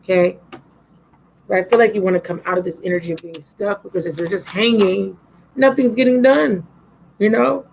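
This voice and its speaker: A woman's voice: mid-range voice, moderate pace, gravelly, darkish tone, a little hiss or hum, low-quality recording. A woman giving a casual live tarot reading, chatty and affectionate with viewers, a little drowsy, recorded on a laptop mic. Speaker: tarot reader. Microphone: laptop microphone.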